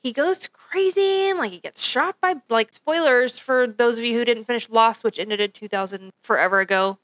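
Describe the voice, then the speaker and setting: A woman co-hosting a podcast in casual chat, talking eagerly with quick asides. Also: a little high, a bit bright, no room sound. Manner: enthusiastic fan talk, quick asides. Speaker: podcast co-host.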